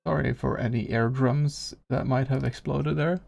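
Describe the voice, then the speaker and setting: A man's voice: medium pitch, steady tone, moderate pace, creaky, a little mellow, dry recording. A young man streaming live as a game developer, chatting with viewers, greeting them by name and muttering to himself while he works.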